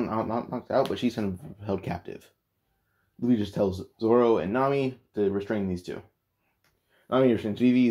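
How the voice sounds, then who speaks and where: A man with a lowish, mellow voice casually retells an anime fan story. He rambles along, padding his sentences with "like" and restarting himself often. His delivery is relaxed and unscripted.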